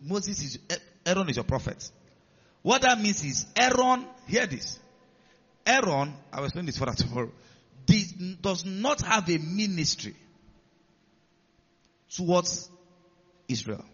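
A man preaching a sermon as pastor, teaching slowly and checking with the congregation through repeated questions. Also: high voice, very animated, a bit bright, breathy edge, long reverb tail, muffled recording.

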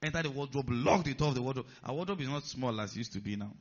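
A man preaching a sermon, animated and putting rhetorical questions to his listeners. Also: mid-range voice, very fast, highs cut off.

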